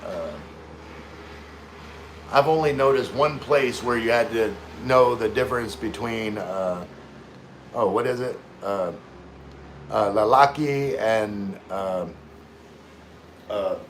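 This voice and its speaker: A man's voice: medium pitch, slow pace, long pauses, slight background noise. A man hosting a casual livestream, reading viewer comments aloud and chatting in a rambling way, often losing his train of thought.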